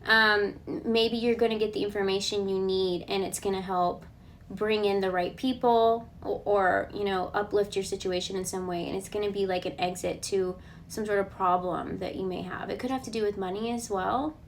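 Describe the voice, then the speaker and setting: A woman giving a casual collective tarot reading, relaxed and reassuring. She thinks aloud and often checks in with a questioning "okay?". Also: mid-range voice, moderate pace, a little hiss or hum. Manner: chatty, ends points with a questioning "okay?". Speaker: tarot card reader.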